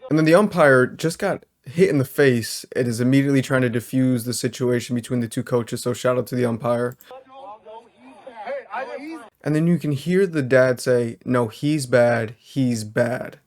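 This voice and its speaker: A male social worker narrates his reaction to a video in a measured, explanatory way, carefully hedging his points. His voice is ordinary and mid-pitched.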